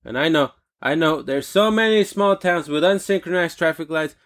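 A man's voice: fairly high pitch, moderate pace, few pauses, fairly bright tone. A man hosting a comedic solo rant, rambling and profane, with jokey digressions.

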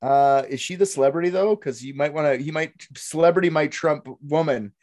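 A man's voice: on the high side, fairly quick, darkish tone. A man in casual comedic podcast banter who jokes bluntly and crudely. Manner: blunt, crude joking with mock voices.

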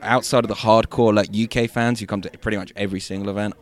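A man's voice: lowish voice, steady tone, fast. English man chatting on a video call. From England. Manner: chatty, many fillers and restarts. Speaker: guest journalist. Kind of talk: casual roundtable chat.

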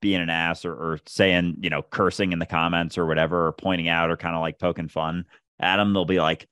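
A man's voice: low-pitched, little pitch movement, fairly quick, fairly bright tone, clean tone, no room sound, studio quality. A man co-hosting a podcast in casual chat, talking in a reflective, easygoing way.

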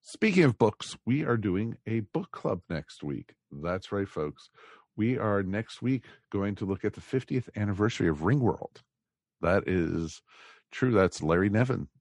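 A man's voice: lowish voice, animated, unhurried, darkish tone, dry recording, studio quality. An American man hosting a podcast, talking casually and rambling with many fillers. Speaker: podcast host.

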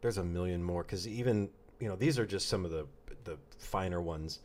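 A man's voice: deep voice, a little fast, darkish tone. Joking, rambling man co-hosting a podcast. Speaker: podcast co-host. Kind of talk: casual chat.

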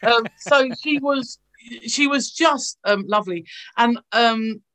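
A woman's voice: on the high side, slow, bright, forceful tone, slight background noise. A woman, an actress, telling gushing anecdotes in a casual interview over a video call. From England. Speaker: actress guest.

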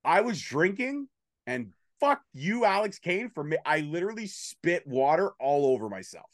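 A man's voice: high voice, sing-song, normal speed, no room sound, clean studio sound. A tired man co-hosting a casual podcast, cursing and bantering in mock grumpiness. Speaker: co-host.

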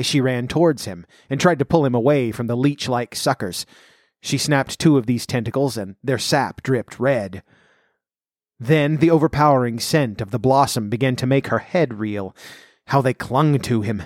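A man narrating a classic story in an audiobook reading, measured and slowing in tense passages. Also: medium pitch, no echo, clean studio sound.

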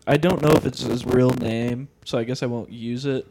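A young man chats on a casual podcast. He tells long, rambling stories full of slang and cursing. His pitch sits in an ordinary middle range. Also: steady tone, moderate pace, darkish tone. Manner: rambling storyteller, slangy and profane. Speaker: podcast co-host.

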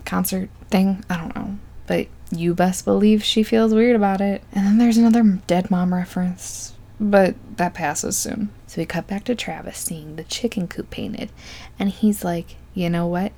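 A woman's voice: medium pitch, vocal fry, a little mellow. A young woman casually recapping a movie, chatty and sarcastic, full of likes, ums and asides.

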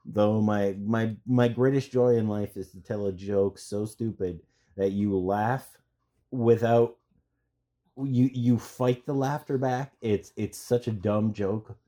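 A man co-hosting a casual podcast, cracking dry, self-deprecating jokes in halting, stop-start phrases. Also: lowish voice, steady tone, warm tone. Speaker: podcast co-host.

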